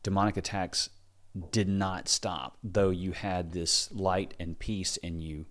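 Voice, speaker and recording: Give me a very low-voiced man as an interview host, calmly recapping the guest's story. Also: slow pace. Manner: calm, recaps and prompts the guest. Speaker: talk show host.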